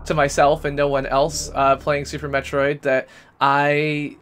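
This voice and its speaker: A man's voice: fairly high pitch, monotone, unhurried, fairly bright tone, clear, resonant tone. A man streaming a game live, chatting casually into a desk microphone in a rambling, self-deprecating way. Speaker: gaming streamer. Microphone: USB desk microphone.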